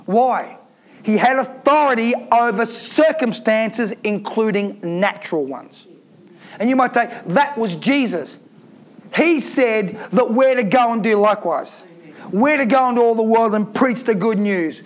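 A man preaches an emphatic sermon, calling out to his congregation for responses. His voice sits very high for a man. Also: expressive, unhurried. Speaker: pastor.

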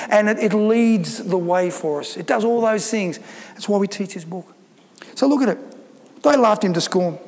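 A man's voice: high-pitched, expressive, moderate pace, gravelly, a little mellow, long reverb tail. A male pastor preaching a sermon, emphatic and repeating phrases for stress.

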